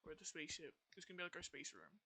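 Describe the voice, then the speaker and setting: Higher-voiced young man, casual gamer chat. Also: big pitch swings, quick pace, gravelly, pushed and bright, breathy edge. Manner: easygoing, filler-heavy. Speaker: gamer recording the session. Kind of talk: casual chat while gaming.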